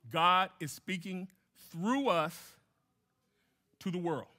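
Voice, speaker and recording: A man's voice: sits high, slow, sharp tone. A man preaching a sermon as a guest pastor, emphatic, repeating key phrases and putting questions to the congregation.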